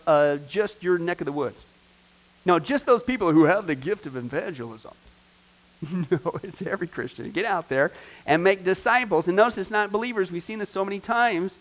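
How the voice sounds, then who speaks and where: Speaking in a slightly high voice, a middle-aged pastor teaches his discipleship class. His style is lively and chatty, and he often asks the group questions.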